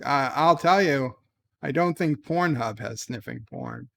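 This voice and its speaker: Guy hosting his stream from home, reads out comments, jokey and offhand, voice a bit high. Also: expressive, slow pace, creaky, long pauses. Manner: joking, offhand. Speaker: livestream host. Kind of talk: casual chat, reading viewer comments.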